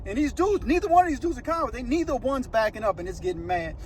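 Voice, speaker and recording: A man's voice: very high voice, lively intonation, fast. A man telling a story in a casual, slangy, conversational way, with frequent asides to the listener.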